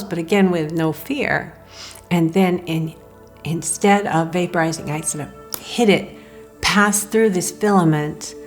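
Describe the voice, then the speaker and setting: Woman sharing a moving personal story. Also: lowish voice. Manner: earnest, emotional retelling with quoted inner thoughts. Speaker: near-death experience storyteller. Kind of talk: personal testimony.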